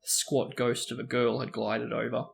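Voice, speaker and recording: A man reads a novel aloud in steady narration. His voice sits at an ordinary mid pitch. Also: moderate pace, creaky. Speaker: book reader. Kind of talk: storybook reading aloud.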